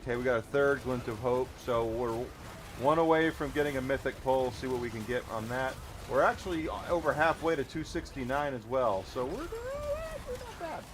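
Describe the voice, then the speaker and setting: A man's voice: medium pitch, a little fast, a little hiss or hum. Chatty male game streamer. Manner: chatty, thanks viewers while playing. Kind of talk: casual live-stream commentary.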